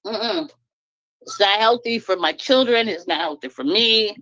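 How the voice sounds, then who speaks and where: A woman's voice: on the high side, wildly swooping pitch, measured pace, pushed and bright, no echo, highs cut off. A woman speaking up in an online talk room, venting bluntly and emphatically about her marriage and laughing as she talks. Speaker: caller sharing her story.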